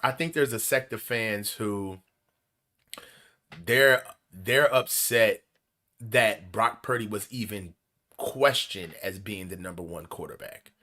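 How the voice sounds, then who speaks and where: Lower-voiced man rambling about football. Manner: rambling, halting restarts, bursts of excitement. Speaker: football coach co-host. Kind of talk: casual sports talk.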